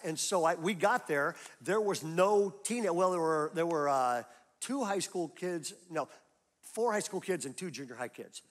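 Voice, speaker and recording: A middle-aged man preaching a sermon as pastor, telling a story and building to loud emphatic peaks. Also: a little high. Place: church auditorium.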